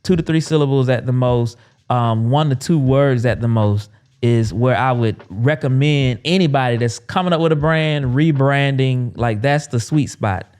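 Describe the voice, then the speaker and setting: A man in his thirties, an agency owner, talking casually and with animation about business names, full of quick asides. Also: mid-range voice, darkish tone, smooth. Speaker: agency owner and podcast host.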